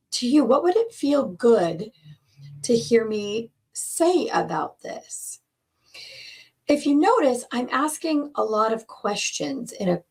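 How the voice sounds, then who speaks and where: A woman coach talks earnestly about relationships, laying out each point in slow, deliberate phrases. Her voice has a gravelly, husky edge and sits at a middle pitch. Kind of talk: teaching talk on relationships.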